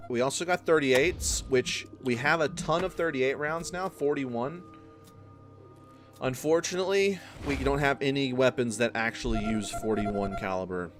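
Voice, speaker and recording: Profane, joking man playing a game. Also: medium pitch. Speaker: gaming host. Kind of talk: let's play commentary.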